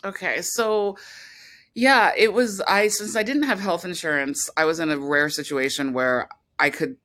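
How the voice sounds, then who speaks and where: Bright, rambling woman interview guest. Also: fairly low pitch, moderate pace. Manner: rambling, restarts, many "like" fillers. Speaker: documentary filmmaker, guest. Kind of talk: casual interview talk.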